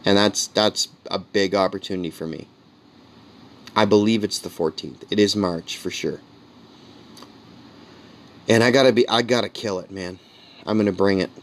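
A comedian talks alone into his podcast mic in a low voice, wandering from jokes to earnest thoughts. The talk stays casual and rambling. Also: fairly even intonation, moderate pace, pauses often. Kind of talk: casual solo monologue.

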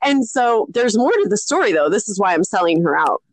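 A woman's voice: brisk, no room sound. A woman in her thirties, a podcast co-host, telling a story in casual chat, acting out other people's voices and laughing often. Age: 30s. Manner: animated, acts out quoted voices with big pitch jumps.

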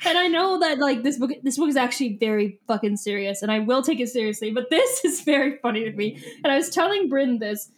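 A woman's voice: high voice, expressive. A young woman co-hosting a podcast, chatting casually about a book, giggly and rambling. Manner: giggly, rambling, quick to laugh. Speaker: podcast co-host.

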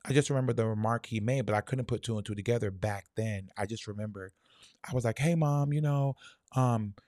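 A young man telling a personal childhood story in a soft, halting, reflective way, full of fillers. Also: on the low side, fairly even intonation, no room sound, studio quality.

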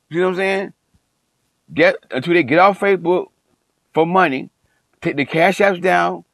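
A middle-aged coach and online commentator delivers a passionate, preachy monologue, emphatically repeating phrases to hammer his points home and calling himself passionate. His voice is on the high side, with no room sound, in a rough recording.

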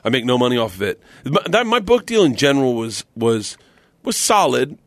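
A middle-aged man swaps stories as a podcast guest, his voice swinging high and low as he acts out what others said. He laughs a lot and talks freely. The sound is dry and close, with no room in it. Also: fairly quick, no echo. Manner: animated, laughs often, acts out quoted voices. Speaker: guest comedian. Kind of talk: casual podcast storytelling.

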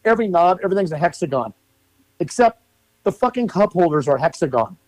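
Man, podcast co-host, rambling explainer, swears, fairly high voice, dry sound. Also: very animated, fairly quick, darkish tone, no echo, low-quality recording. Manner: rambling, explains at length with many fillers and swearing. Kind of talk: casual chat.

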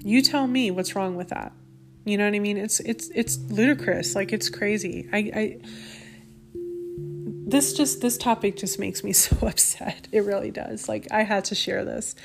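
A woman's voice: medium pitch, normal speed, vocal fry, over music. A woman in her thirties or forties hosting a faith podcast, speaking indignantly in a casual monologue, with many restarts and asides. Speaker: podcast host.

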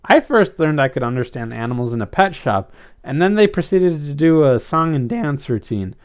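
An excitable, demanding young woman, as a man puts her on in a storybook reading. The voice is pitched far above his own and swings widely. Her lines come in loud, eager bursts. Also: moderate pace, clean tone, natural voice. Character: spirited young woman, jumpy.

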